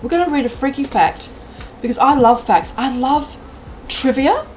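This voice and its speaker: A middle-aged Australian woman chats her way through a live stream, animated and thinking out loud as she goes. Her voice sits a little high, with a faint background ambience in the room. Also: normal speed, slight background noise, rough recording. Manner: chatty, animated, thinks aloud. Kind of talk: casual live-stream chat.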